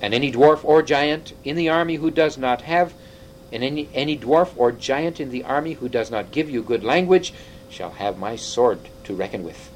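A man reading aloud, voicing a tiny, proud mouse knight in a shrill, piping voice. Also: moderate pace, a little hiss or hum, lightly acted, poor audio. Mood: gallant.

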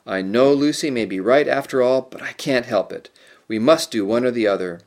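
A man's voice: mid-range voice, moderate pace, close to an everyday voice. A man voicing the eldest boy, a reluctant young king, in a storybook reading, firm and reasoning.

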